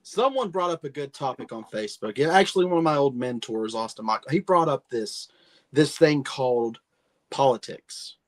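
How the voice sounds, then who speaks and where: A man's voice: medium pitch, lively intonation, normal speed. A man on a podcast roundtable, delivering a brash, combative rant in the style of a wrestling promo. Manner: brash, combative, mock-heel bravado.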